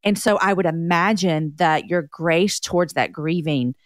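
A woman hosting a podcast interview, talking in a relaxed conversational way and repeating words for emphasis. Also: fairly low pitch, unhurried, no room sound, clean studio sound. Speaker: podcast host. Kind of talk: casual interview chat.

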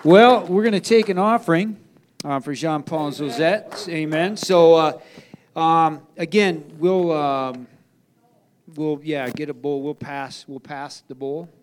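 A man's voice: on the high side, measured pace, a little hiss or hum. A man in a church service announcing an offering, hesitant and full of fillers. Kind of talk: casual announcement.

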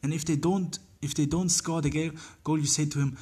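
Husky podcaster man, earnest. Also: on the high side, steady tone, a little fast, few pauses, mellow. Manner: earnest, repetitive, many fillers and restarts. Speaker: podcast host. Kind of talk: casual motivational monologue.

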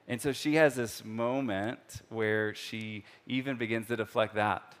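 A man preaching a sermon in a conversational way, full of fillers, acting out the scripture dialogue and swinging from soft, slow passages to loud, excited ones. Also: mid-range voice. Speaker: pastor.

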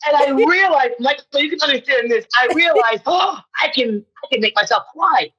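A woman in her fifties, an actress guest on a podcast, telling personal stories in an animated way and acting out the voices of people she quotes. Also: high-pitched, normal speed, highs cut off. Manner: animated storyteller who acts out quoted voices. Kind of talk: personal storytelling in conversation.

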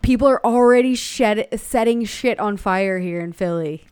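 A woman co-hosting a casual podcast, making sardonic, deadpan quips on a cardioid mic at home. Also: mid-range voice, normal speed, clean tone. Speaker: podcast co-host. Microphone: cardioid studio mic at home.

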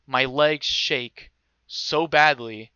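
A young man casually telling a story, animated and swearing freely, acting out other people's voices. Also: medium pitch, drawn-out words, clear, resonant tone, no echo, muffled recording.

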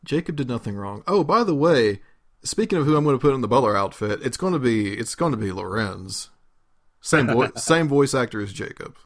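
A man's voice: medium pitch, animated, brisk, a bit bright. A man co-hosting a casual gaming podcast, chatty and enthusiastic in fan banter. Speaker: podcast co-host.

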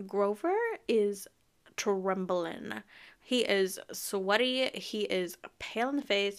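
Expressive young woman hosting a book chat. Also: mid-range voice. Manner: expressive, emphatic, laughs often. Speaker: podcast host. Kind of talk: casual book discussion.

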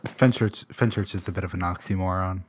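A man hosting a casual podcast, reading aloud and chatting in a relaxed, halting way. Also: sits low, background noise. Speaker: podcast host.

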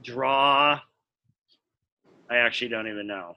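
Slow, bright-voiced American man. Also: mid-range voice. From United States. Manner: explains at length, thinking aloud. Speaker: podcast co-host. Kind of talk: casual podcast chat.

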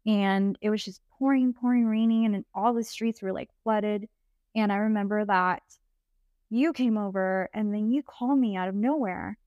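A woman's voice: mid-range voice, moderate pace, dry recording. A young woman hosting a casual podcast chat with a friend, telling stories animatedly, quoting herself and her friend, with frequent laughter. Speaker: podcast host. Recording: dull lo-fi sound.

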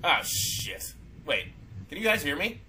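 A man's voice: on the high side, big pitch swings, unhurried, pushed and bright, a little hiss or hum, low-quality recording. A man co-hosting a casual podcast chat, rambling with lots of fillers and restarts. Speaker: podcast co-host.

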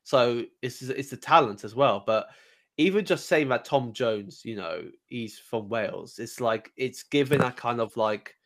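A man's voice: medium pitch, lively intonation, unhurried, fairly bright tone. A man from England co-hosting a podcast in casual chat, hesitant with lots of ums and repeated words. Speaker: podcast co-host.

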